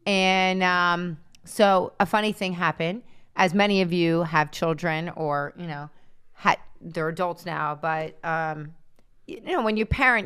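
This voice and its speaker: A middle-aged woman co-hosting a live stream, telling family stories in an animated, casual way. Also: fairly low pitch, unhurried, smooth. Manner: animated storytelling. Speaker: co-host.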